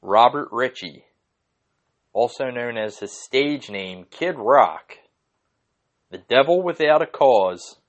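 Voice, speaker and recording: A young man hosting his own podcast, ranting casually in an excitable, profane, rambling way. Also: mid-range voice, slow pace, pauses often, dull audio. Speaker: podcast host. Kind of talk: casual solo podcast rant.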